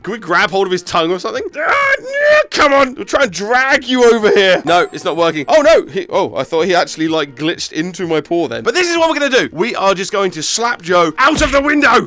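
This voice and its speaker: A man playing a VR game and commenting, playful and teasing, often breaking into sudden shouts. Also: sits high. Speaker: gaming YouTuber. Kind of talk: excited VR gameplay commentary.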